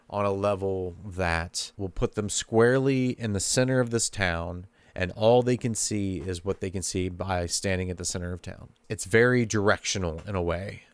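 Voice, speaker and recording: Low smooth-voiced man, easygoing podcast talk. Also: no echo. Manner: relaxed, thinking aloud, easygoing. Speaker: podcast host and fiction writer. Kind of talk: casual explanatory talk about writing.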